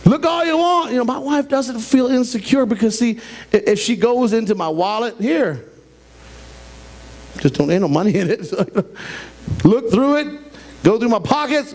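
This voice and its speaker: Male pastor, middle-aged, high voice, animated church sermon, chatty asides. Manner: animated, conversational preaching with asides. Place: church sanctuary.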